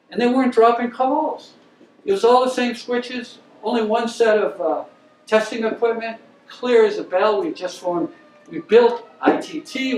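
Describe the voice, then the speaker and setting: An older man giving an anecdotal lecture, telling stories in a blunt, emphatic, opinionated way. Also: high-pitched. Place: lecture room. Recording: roomy, distant mic with faint hiss.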